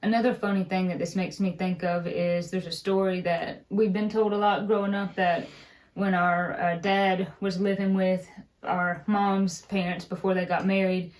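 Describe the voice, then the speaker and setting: A young woman with an Appalachian mountain accent, telling family stories in a relaxed, chatty way as a co-host. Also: medium pitch, moderate pace. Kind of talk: casual chat.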